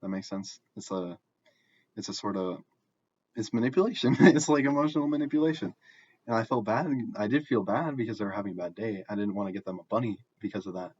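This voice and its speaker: A young man telling a personal story in a casual, halting way, often restarting and filling pauses. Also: on the low side, highs cut off, a little hiss or hum. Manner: halting, self-correcting, frequent fillers.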